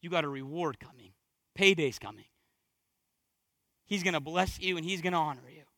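Preaching quickly but with long pauses, a male pastor swings between quiet, low moments and fervent, mounting exhortation, repeating phrases for emphasis. The recording is dry.

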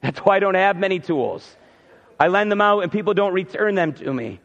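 This pastor's voice is high, expressive, brisk, and a little bright as he preaches informally and performs the words of biblical characters. Dull, echoing hall acoustics color the audio.

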